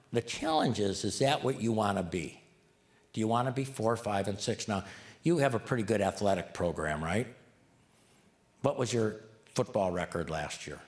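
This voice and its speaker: Lively man speaking to a live audience. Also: lowish voice. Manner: lively, joking, asks the audience questions. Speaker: community speaker.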